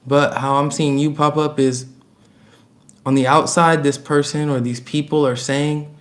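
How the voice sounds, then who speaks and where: A man's voice: a little high, level tone, measured pace. A man giving a casual, chatty tarot reading to camera, emphatic and prone to repeating himself, with laughs between points. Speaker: tarot reader.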